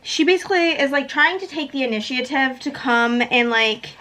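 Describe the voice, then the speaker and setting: Woman book vlogger, casual gushing review, filler-heavy, pitched a bit high. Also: animated, moderate pace, sharp tone. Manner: gushing, peppered with "like".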